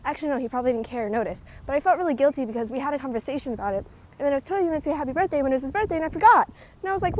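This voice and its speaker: A woman's voice: high voice, rapid-fire, a little mellow, slight background noise, rough recording. A young woman rambling in a chatty walking vlog, full of fillers and a little out of breath from walking outdoors. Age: young adult. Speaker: vlogger. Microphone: handheld recording device with clip mic.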